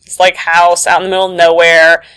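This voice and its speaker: Woman podcast co-host recapping a film, bright and lively, talks with lots of "like". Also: fairly low pitch, a little fast, clean tone. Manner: chatty, animated retelling with lots of "like". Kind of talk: casual movie recap chat.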